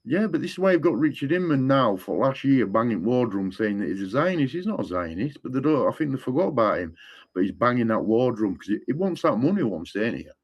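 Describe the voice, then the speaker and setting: A man's voice: medium pitch, big pitch swings, fast talker, slightly rough, muffled recording. Rambling man. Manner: rambling, repeats "what I'm saying to you". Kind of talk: casual conspiratorial chat.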